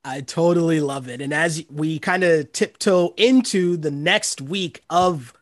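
A man hosting a sports podcast in a relaxed, friendly way, tossing questions to his co-host. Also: on the high side, measured pace, no echo, studio quality.

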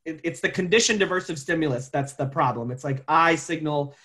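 A man with a slightly raised pitch talks through a professional topic on a video call. He speaks earnestly, stumbling and repeating words as he gathers his thoughts. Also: fairly quick, pushed and bright. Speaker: co-host presenter. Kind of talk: professional webinar discussion.

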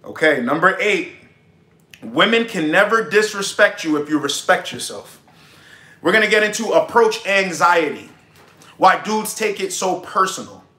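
A man's voice: high voice, animated, normal speed, bright, forceful tone, reverberant. A young man giving brash, profane dating advice in a casual livestream monologue.

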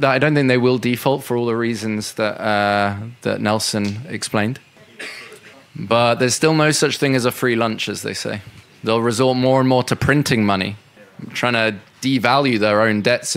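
Guy talking economics off the cuff, lots of ums and restarts, mid pitch. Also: creaky, fairly bright tone. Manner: conversational, frequent fillers and restarts. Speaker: speaker at a political education session. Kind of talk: unscripted talk answering questions.

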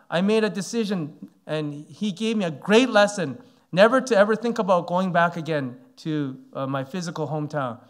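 A man's voice: sits high, a bit bright. A man in his forties from Canada, preaching a sermon as a pastor and telling a story with many fillers. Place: church sanctuary.

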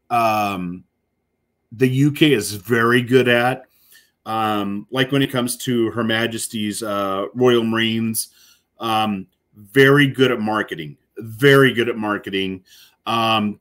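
A man with a fairly low voice talks through a video in a loose, casual way. He rambles and leans on fillers and restarts as he reacts as a corrections officer. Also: a bit bright.

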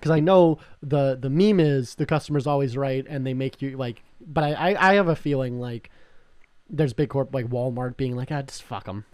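A man's voice: mid-range voice, moderate pace, darkish tone, no echo. A young man from Canada co-hosting a podcast, talking in a rambling, profane way with many restarts. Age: young adult. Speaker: podcast co-host. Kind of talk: casual chat.

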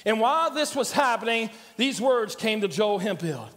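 A man's voice: high voice, expressive, moderate pace. A middle-aged man preaching a sermon as pastor, telling stories in a folksy, repetitive way with many restarts. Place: church sanctuary. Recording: long church reverb with loud music.

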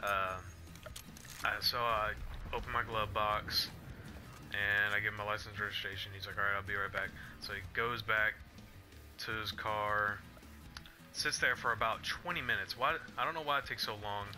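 A young gamer vlogger tells a rambling story while playing a game, chatting casually with frequent restarts and fillers and breaking off now and then to react to the action. His fairly low voice is steady, pushed and bright, at a moderate pace, with faint music behind.

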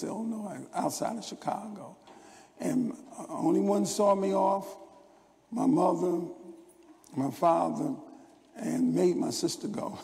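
A man's voice: high-pitched, gravelly, mellow, a little hiss or hum. An older man preaching a sermon as pastor, rambling through stories with stammered restarts. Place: church sanctuary. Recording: long church hall reverb.

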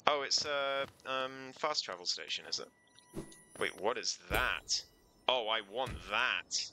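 A man's voice: mid-range voice, expressive, slow, pushed and bright, a little hiss or hum, poor audio. A man streaming a video game in casual, playful commentary, thinking aloud and giggling often.

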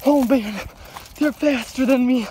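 A woman hosting an outdoor vlog, narrating a mock-dramatic adventure in a deadpan, jokey way, out of breath and warning viewers with fake seriousness. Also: high-pitched, a little slow, slight background noise. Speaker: vlog host. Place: outdoors in a swampy field.

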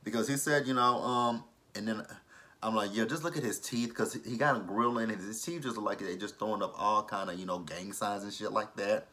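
A man hosting a casual reality TV recap vlog, animated and profane, laughing often. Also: on the low side, a little fast.

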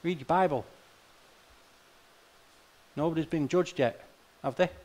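An Australian pastor preaches in a conversational, plain-spoken manner, frequently throwing rhetorical questions and wry asides at the congregation. His voice is on the high side and darkish, and he takes his time.

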